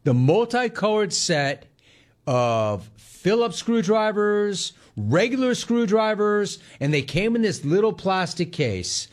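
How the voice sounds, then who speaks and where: Animated, quick-talking male sports talk host. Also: high voice. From Los Angeles area. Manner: animated storytelling, quick asides to chat. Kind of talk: casual sports talk with live chat.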